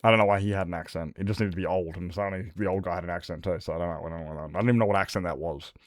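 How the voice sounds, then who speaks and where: A man's voice: deep voice, steady tone, rapid-fire, no echo, clean studio sound. A man chatting casually while streaming a game, rambling and repeating himself, swearing freely. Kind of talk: casual gameplay stream chat.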